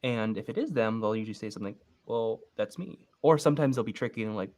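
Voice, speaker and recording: A man's voice: on the low side, very fast. Easygoing man coaching over a call. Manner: relaxed, explains step by step and acts out sample phone calls. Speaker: real estate investing coach. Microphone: video call.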